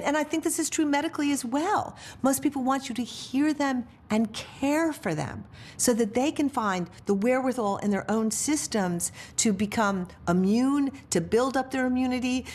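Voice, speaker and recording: A woman speaking earnestly about care and healing in an interview, in measured phrases with long repeating lists. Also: fairly high pitch. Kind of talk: reflective interview.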